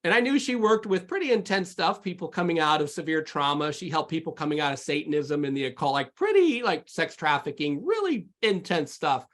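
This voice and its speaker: A man's voice: a little high, expressive, a little fast, few pauses, fairly bright tone. A man who is a podcast guest, telling his personal faith testimony in a candid, rambling way with many fillers and restarts. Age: adult with sons.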